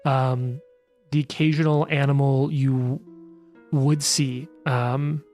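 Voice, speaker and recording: Game master, male, loose rambling narration, quick asides, faint music under. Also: medium pitch, level tone, darkish tone. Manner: rambling, filler-heavy, bursts of fast asides.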